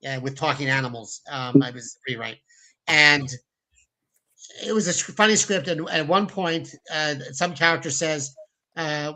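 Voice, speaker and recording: Guy telling set stories on a podcast, lively, does little voices for quotes, keeps restarting. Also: a little high, normal speed, poor audio. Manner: animated, acts out quotes in put-on voices, many restarts. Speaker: film director, guest. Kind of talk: casual interview storytelling.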